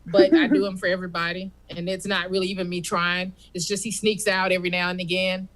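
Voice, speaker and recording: A woman's voice: fairly low pitch, level tone, fast talker. A woman doing stand-up comedy, telling a rambling, conversational story.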